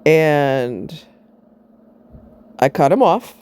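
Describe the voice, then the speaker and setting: A woman's voice: deep voice, lively intonation, extremely slow, a little mellow, smooth. A middle-aged woman vlogging, telling a personal story in a blunt, sarcastic way and swearing freely.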